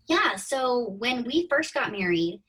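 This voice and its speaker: A woman in her thirties, a podcast guest, chats her way through her story in a casual interview, acting out the thoughts she once had. Her voice is a little high and very animated, with a fairly bright, breathy tone and a slow pace. She sits distant from the mic.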